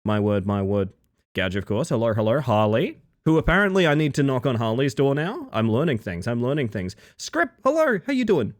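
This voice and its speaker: A male streamer chats casually with his live audience in a playful, joking way. His pitch jumps around a lot as he greets people one by one. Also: expressive, fairly quick. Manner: playful, greets chat one by one, jokey asides.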